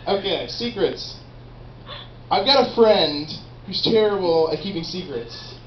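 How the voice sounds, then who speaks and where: A man's voice: sits high, unhurried. Young man doing rambling stand-up comedy. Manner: rambling, animated, profane storytelling. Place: small live comedy venue. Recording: roomy, dull, noisy live room.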